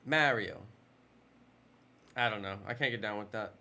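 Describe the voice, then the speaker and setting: A man's voice: lowish voice, steady tone, fast talker, pushed and bright. A man in his thirties chatting casually on a live stream while gaming, joking and answering chat questions.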